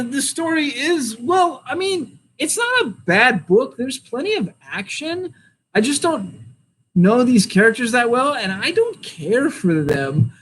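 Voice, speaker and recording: A man's voice: very high voice, fairly bright tone, a little hiss or hum, poor audio. An American man with a rambling, opinionated manner, chatting casually while reviewing comics and laughing often.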